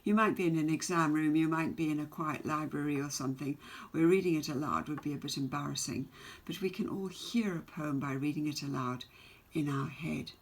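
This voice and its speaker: A woman teaching a poetry lesson, her voice low and husky with a gravelly edge. She speaks slowly, posing one question after another to her students. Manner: slow, questioning, reads poem aloud with emphasis.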